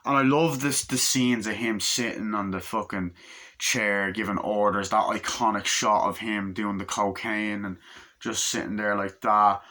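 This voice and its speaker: A man talks through a movie review in a loose, swearing, rambling way. His voice sits fairly low but has a bright, forceful edge. He walks through one scene after another in a casual flow. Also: steady tone, a little slow. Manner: profane, rambling scene-by-scene retelling.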